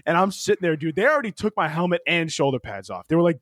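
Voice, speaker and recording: A young man on a podcast talks fast with few pauses, telling an animated story laced with swearing and constant "like" fillers. His voice sits on the high side, and the clean studio recording has no room sound.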